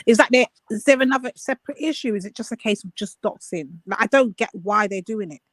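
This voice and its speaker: Animated woman, dry close sound. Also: a little high, quick pace, dry recording. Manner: animated, questioning gossip. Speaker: livestream co-host. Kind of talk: casual livestream chat.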